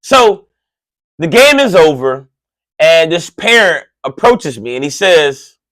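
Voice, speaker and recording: Male radio DJ, animated storyteller, high and very lively delivery, slangy, dry close sound. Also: takes it slowly, no echo. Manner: excitable, swings loud and high when worked up; conversational slang with frequent "right?" asides. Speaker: radio host.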